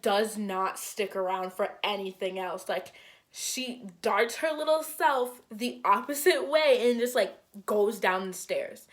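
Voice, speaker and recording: A young woman recounting a story to her viewers, with a voice pitched a little high for a woman. She acts out each quoted line with sudden jumps upward. She fills her talk with "like" and keeps it loose and chatty. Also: a bit bright. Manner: frequent "like" fillers, conversational. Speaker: vlogger. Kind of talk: storytime vlog.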